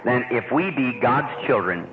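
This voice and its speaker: A man's voice: medium pitch, expressive, measured pace, over music. A man preaching a sermon to a church congregation, folksy and fervent, often asking the crowd whether they agree. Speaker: evangelist preacher. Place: church hall during a service. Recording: muffled, tinny old recording with hiss.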